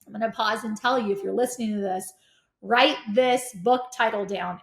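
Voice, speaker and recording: A middle-aged woman telling stories as a podcast guest, energetic and animated. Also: mid-range voice, normal speed, creaky. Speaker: podcast guest, real estate investor. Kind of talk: casual conversation. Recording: roomy echo.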